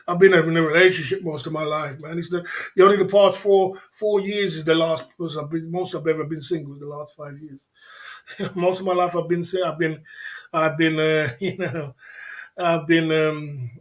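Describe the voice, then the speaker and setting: A man's voice: on the high side, a bit bright. A man hosting a casual livestream, rambling, repeating his phrases and reading out chat comments. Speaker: livestream host.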